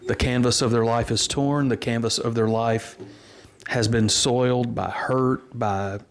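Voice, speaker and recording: A middle-aged man, a pastor telling the story of his church in an unhurried, earnest way. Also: medium pitch, fairly even intonation. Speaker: pastor and interview guest. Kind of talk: storytelling in a casual interview.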